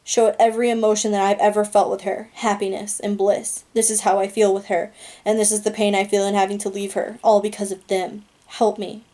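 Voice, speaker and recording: A woman reading a novel aloud in a calm, steady manner. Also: mid-range voice, a little fast. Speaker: audiobook reader.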